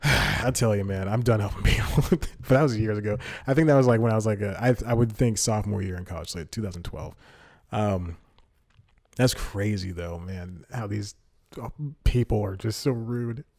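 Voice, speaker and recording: A man's voice: lowish voice, normal speed, darkish tone. A man in his twenties hosting a comedy podcast, telling a story in a rambling way, restarting sentences and laughing at himself. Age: 20s. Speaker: podcast host.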